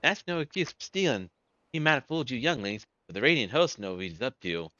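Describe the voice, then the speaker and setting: Man playing a preachy soldier, bright tone, muffled recording. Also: medium pitch, sing-song, brisk, no room sound. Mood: stern. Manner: scolding, lecturing. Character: stern self-righteous male soldier. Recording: muffled with faint game music.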